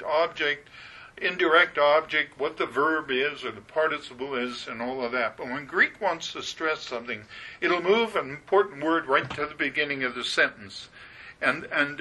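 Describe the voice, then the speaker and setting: A man gives a verse-by-verse Bible teaching with a somewhat high, sharp and forceful voice. He works through the Greek grammar methodically and leans hard on the key words. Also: rough recording.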